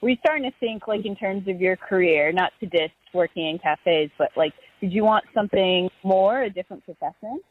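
A woman's voice: mid-range voice, a little fast, few pauses, dry recording. A woman interviewing a guest, asking chatty questions full of fillers. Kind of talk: casual interview chat. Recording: tinny phone-like line, dry.

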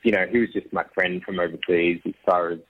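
A man telling his own story as an interview guest, rambling with restarts and soft laughs. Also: deep voice, steady tone, quick pace, no room sound. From Australia. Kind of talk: casual conversational storytelling. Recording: tinny phone-like line, dry.

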